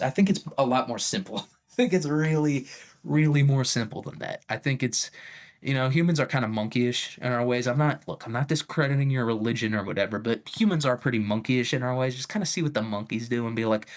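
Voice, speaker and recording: A man's voice: mid-range voice, brisk. A man rambling in casual solo commentary, swearing often and chuckling between thoughts. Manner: profane, chuckling, rambling asides. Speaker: vlogger.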